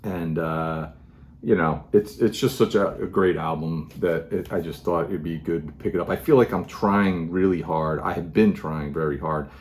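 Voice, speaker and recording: Low-voiced rambling man showing records. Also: normal speed. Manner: rambling, many fillers and restarts. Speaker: record collector vlogger. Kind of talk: casual show-and-tell monologue.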